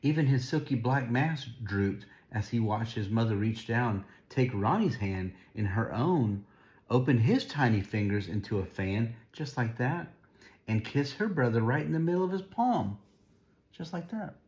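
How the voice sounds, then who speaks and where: A man's voice: medium pitch, animated, a little slow, darkish tone. A man reading a picture book aloud to a child, stopping casually to point at the pictures and explain. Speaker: storybook reader.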